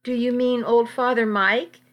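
A woman voicing a gentle, soft-spoken male rancher with a Texan drawl, in a read-aloud story. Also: fairly high pitch, steady tone, unhurried, close to an everyday voice. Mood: soft courteous.

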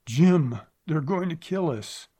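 A man voicing a frightened young frontier wife who cries out in high, pleading sobs. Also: expressive, takes it slowly, warm tone. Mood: terrified.

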